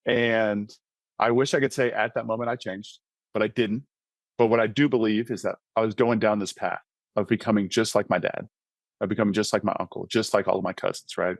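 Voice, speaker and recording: A man with a fairly low voice recounts his own life story as a podcast guest, earnest and conversational, often tossing in a quick "right?". The sound is dry and close, with no room echo. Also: fairly even intonation, gravelly. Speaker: podcast guest, author and mentoring ministry founder. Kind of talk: personal testimony in casual conversation.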